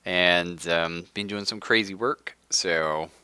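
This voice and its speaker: A young man live-streaming a strategy game, hoarse from being sick, ranting in casual chat and laughing often. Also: deep voice, slow, bright, forceful tone, no echo. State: hoarse from illness. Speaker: livestreamer.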